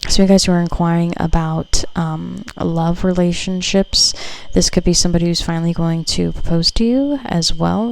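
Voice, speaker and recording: A woman's voice: on the low side, creaky, darkish tone, poor audio. A woman doing a casual tarot reading for her viewers, chatty and loose, full of fillers and the odd swear word. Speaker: tarot reader.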